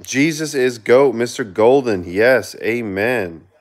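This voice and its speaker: Man, livestream host, reads chat aloud, quick shout-outs, sudden excited bursts, mid-range voice. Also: medium pitch. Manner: earnest, with sudden excited outbursts. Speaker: livestreamer reading viewer chat. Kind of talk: casual live-stream chat.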